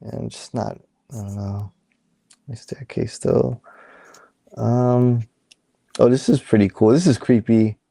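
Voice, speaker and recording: A man's voice: mid-range voice, slow pace, creaky, pauses often, warm tone, no echo, clean studio sound. A man co-hosting a casual comic book podcast, laid-back and jokey, with plenty of fillers and murmured agreement. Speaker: podcast co-host.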